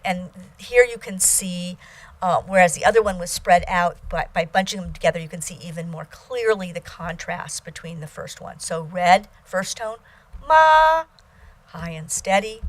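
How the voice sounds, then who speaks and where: Slow, deliberate woman lecturing. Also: on the low side. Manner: slow and deliberate, with uhs and ums; sings out the example syllables. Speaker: language teacher. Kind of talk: recorded lecture.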